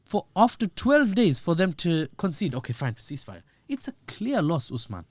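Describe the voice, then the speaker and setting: Animated man with a higher voice. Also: dry recording. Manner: animated, joking, quick asides. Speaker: guest analyst. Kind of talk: podcast discussion.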